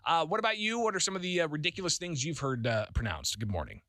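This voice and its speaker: A man's voice: a little high, very animated, quick pace, pushed and bright, no room sound, clean studio sound. A man hosting a call-in radio talk show, chatty and laughing often, with lots of fillers. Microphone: studio microphone.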